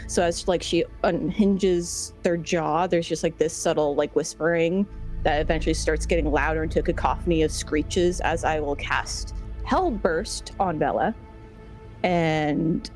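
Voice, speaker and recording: A woman's voice: sits low, measured pace, a little mellow, soft background music, low-quality recording. A woman playing in a tabletop role-playing game, describing her character's actions casually with many "like"s. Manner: casual, many "like"s, laughs easily. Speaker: player.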